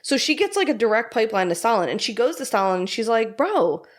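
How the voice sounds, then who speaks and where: A woman narrates a wartime story on a casual podcast. She swears freely and breaks into laughter. Her storytelling is animated and full of asides. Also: a little high, quick pace. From United States. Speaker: podcast co-host telling the story. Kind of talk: casual true-crime podcast chat.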